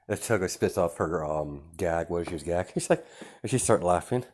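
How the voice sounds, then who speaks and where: A man's voice: sits low, animated, normal speed, a little mellow. A young man improvising a fan fiction story, rambling with many fillers and restarts.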